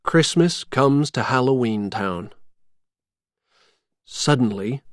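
A man reading a children's storybook aloud as narrator, in a slow, expressive read-aloud manner. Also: mid-range voice, no echo, studio quality.

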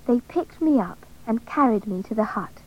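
A woman narrating a story in the first person, reading clearly and deliberately. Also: a little high, expressive, muffled recording.

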